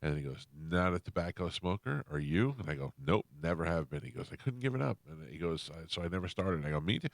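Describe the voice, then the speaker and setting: Low-voiced man telling a radio story. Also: quick pace, few pauses, no echo. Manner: animated storyteller acting out both sides of a conversation. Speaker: radio show host. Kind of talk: casual storytelling on morning radio. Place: radio studio. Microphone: studio microphone.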